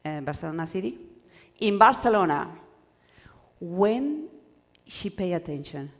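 A woman whose first language is Spanish gives a lively workshop lecture to doctoral students, acting out examples and often restarting her sentences. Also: on the low side, unhurried. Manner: animated, acts out examples, stumbles and restarts. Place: lecture hall. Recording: lecture hall with long reverb.

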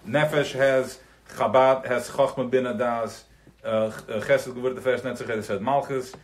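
A man's voice: mid-range voice, fairly even intonation, normal speed, slight background noise. A man teaching a class to a small group, talking loosely and conversationally. He drops Yiddish terms into his sentences and keeps checking that his listeners follow. He acts out everyday scenes in voices of his own. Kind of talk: live recorded Chassidic class.

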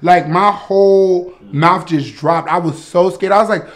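A young man telling a comic story to friends, animated and profane, laughing often. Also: sits high, measured pace, few pauses. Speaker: guest storyteller.

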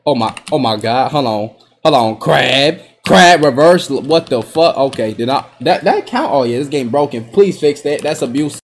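A young man giving excitable, trash-talking commentary while playing a basketball video game, swinging between low mutters and sudden yelps. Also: normal speed. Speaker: gaming YouTuber. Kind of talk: live gameplay commentary.

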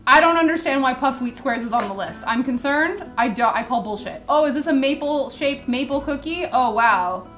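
A woman with a slightly high voice gives casual, sarcastic commentary as she reads through recipes. She sounds indignant and calls out what she doesn't believe. Soft guitar music plays faintly behind her. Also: animated, moderate pace, few pauses. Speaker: vlogger. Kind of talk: casual chat while reading a recipe list. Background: soft background music.

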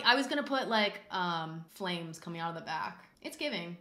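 A woman streaming a drawing game, chatting casually and excitably, rambling with lots of "like" and loud exclamations. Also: on the low side, moderate pace, few pauses. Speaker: livestreamer. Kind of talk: casual livestream chat while drawing. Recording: roomy echo.

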